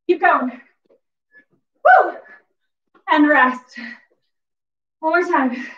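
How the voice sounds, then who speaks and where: A woman's voice: sits high, lively intonation, slow pace, a bit bright. A woman fitness instructor coaching a workout class, out of breath, calling cues and cheering with whoops. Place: exercise facility gym. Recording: echoey gym from far off, dull sound.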